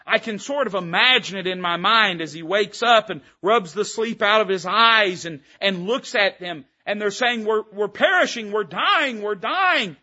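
A man's voice: high voice, moderate pace, hardly any pauses, pushed and bright, muffled recording. A man preaching a sermon from the pulpit, speaking in an emphatic, rising-and-falling preaching cadence. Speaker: pastor. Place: church sanctuary.

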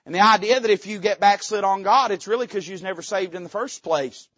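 Fervent high-voiced preacher. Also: male voice, quick pace, dry recording, dull audio. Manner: fervent, folksy, with sudden loud rises and dips. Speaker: pastor. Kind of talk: sermon. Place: church sanctuary.

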